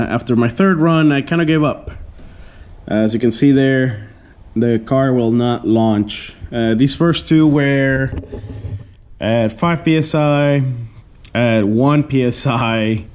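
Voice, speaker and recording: A man's voice: mid-range voice, slow, darkish tone, smooth. A man with a stuffy nose from a cold, talking through his car vlog in a laid-back, rambling way with frequent fillers. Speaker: car vlogger. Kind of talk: casual vlog narration.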